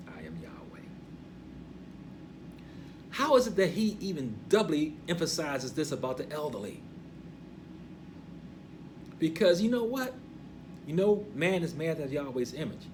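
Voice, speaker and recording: A man's voice: on the high side, noisy background. Gray-bearded older man preaching emphatically. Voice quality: emphatic, preachy, swings from hushed to loud. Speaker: teacher. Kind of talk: Torah portion teaching.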